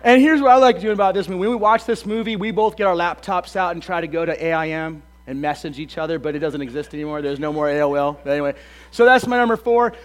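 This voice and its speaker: Slightly hoarse joking male pastor. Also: fairly high pitch, fast. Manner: chatty, joking, many ums and uhs. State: a bit hoarse. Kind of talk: casual sermon with jokes.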